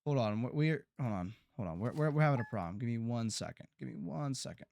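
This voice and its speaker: An American man streaming a farming game, chatting casually to his viewers and often stumbling over his words before breaking into excited outbursts. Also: mid-range voice, fast, creaky, soft background music. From United States. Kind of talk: casual gameplay commentary to chat.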